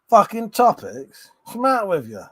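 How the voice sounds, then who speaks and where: A man hosting a late-night livestream, a little tipsy, chatting with viewers as he reads their comments. His slightly high voice swings up and down animatedly, with frequent laughter and casual swearing. The sound is close and dry. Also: no echo. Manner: laughs often and swears freely. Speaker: livestream host. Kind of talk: casual live-stream chat reading viewer comments.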